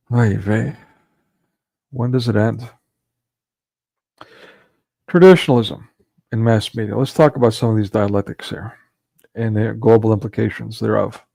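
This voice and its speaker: A man's voice: on the low side, vocal fry, warm tone, dry recording. A man delivering a ranting monologue commentary, sarcastic and scornful, breaking into mocking laughs.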